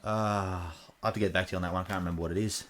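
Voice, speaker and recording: Aussie guy rambling thru a reaction vid, kinda low voice, lots of ums. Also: fairly even intonation, racing, a bit bright. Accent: Australian. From Australia. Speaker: reaction video host. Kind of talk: casual reaction commentary.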